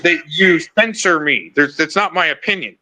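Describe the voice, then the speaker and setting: A man's voice: fairly high pitch, moderate pace, a loud crowd, low-quality recording. A man on a livestream panel, confronting and accusing the host in a heated argument.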